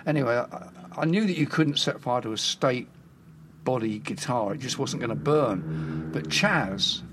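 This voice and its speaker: A man's voice: mid-range voice, animated, a little slow, background noise. An older man, a music journalist, telling wry anecdotes and acting out quotes in little voices. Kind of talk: anecdotal storytelling.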